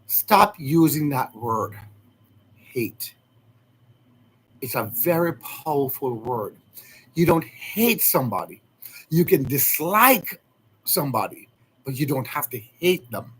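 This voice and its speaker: A man's voice: a little high, fairly bright tone. Earnest Jamaican man talking to viewers. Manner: earnest, rambling, emotional. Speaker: vlogger. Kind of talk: casual heartfelt talk to viewers.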